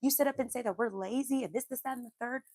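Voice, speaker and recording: A woman's voice: fairly high pitch, quick pace, darkish tone, a little hiss or hum. A young woman from the United States, hosting a livestream and ranting about society in a heated, emphatic way, repeating phrases to drive her points home. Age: young adult. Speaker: livestream host.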